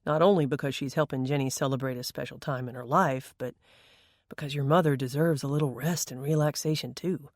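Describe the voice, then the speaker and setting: A narrator voicing a calm, reasoning father with a deep baritone in an audiobook. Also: fairly quick, no room sound, clean studio sound, close to an everyday voice. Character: grown man, booming baritone father.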